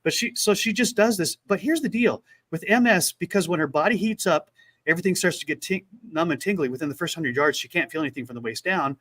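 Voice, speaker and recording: A man co-hosting a casual chat, retelling a story with lively acted-out quotes. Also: a little high, fast. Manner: animated retelling, acts out quotes. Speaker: podcast co-host.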